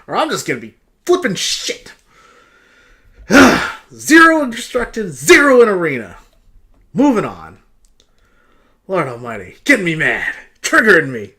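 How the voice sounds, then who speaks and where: Animated, ranting man reviewing cards. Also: high voice, measured pace. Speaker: card game reviewer. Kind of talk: casual review rant.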